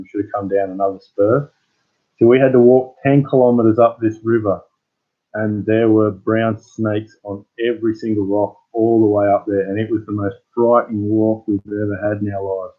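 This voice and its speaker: A man's voice: lowish voice, level tone, fairly quick, narrow, tinny audio. An Australian man hosting his channel, chatting casually with live viewers as a rambling, laid-back storyteller. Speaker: channel host.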